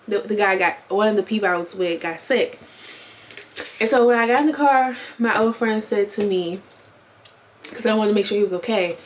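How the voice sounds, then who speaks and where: A woman's voice: medium pitch, a little hiss or hum. A woman in her twenties telling a long story to camera in a casual vlog, rambling and correcting herself, with lots of fillers. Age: 20s. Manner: rambling, chatty, self-correcting, many fillers. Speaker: vlogger. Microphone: compact camera on-board mic.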